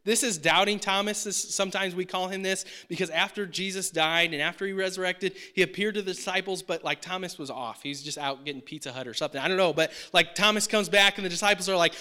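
A man's voice: sits high, fairly even intonation, pushed and bright, clean tone. A young man teaching a Bible passage in a casual, conversational way, acting out the disciples' lines. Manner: conversational, acts out disciples' lines in quick voices.

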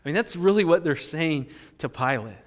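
A male pastor preaching a sermon in an animated, emphatic way. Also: on the high side, normal speed. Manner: animated, emphatic, with fillers and restarts. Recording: long hall reverb.

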